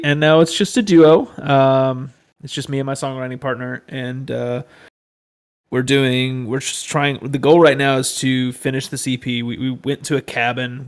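A man in his thirties talks in a loose, joking way, making fun of himself. His voice sits at an ordinary pitch, and he is chatting with friends as a returning guest. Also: smooth. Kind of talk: casual chat.

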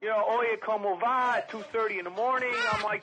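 A man telling long, profane comic stories in a rambling, animated way, often mimicking other people. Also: sits high, fairly quick, over music, poor audio. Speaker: storytelling podcast guest.

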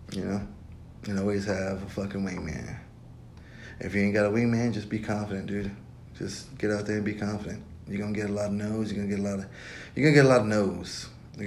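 A man's voice: vocal fry, darkish tone. A man giving blunt, profane dating advice in a casual podcast monologue. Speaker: podcast host. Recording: echoey room with faint rumble.

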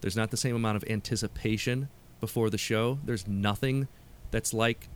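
A man guesting on a podcast, a performer speaking with animated, earnest storytelling in casual chat. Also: fairly low pitch, moderate pace, a little hiss or hum.

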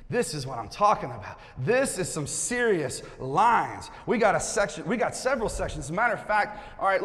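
A man preaching as a pastor, coaxing his congregation to join in, then turning earnest. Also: high-pitched. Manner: playful, coaxing the crowd, then earnest and quiet. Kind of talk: sermon with audience participation. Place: church sanctuary. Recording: long hall reverb.

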